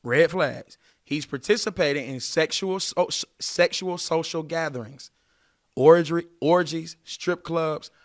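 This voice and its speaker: A podcast host in his late thirties, with a slightly high voice and a somewhat slow delivery, preaches dating advice in a casual monologue. He's animated and addresses his listeners directly.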